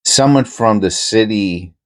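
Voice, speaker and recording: A middle-aged man with a New York accent softened toward Pennsylvania talk, chatting casually and meandering with many pauses while he searches coin rolls. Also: fairly low pitch. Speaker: coin roll hunting host. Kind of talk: casual rambling chat while searching coins.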